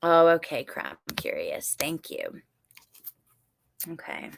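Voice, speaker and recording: A true crime livestream host chats casually with viewers, recapping trial notes and reacting to their comments, and she swears when something makes her angry. Her voice is low and creaky, very animated but slow, with a little background noise behind it.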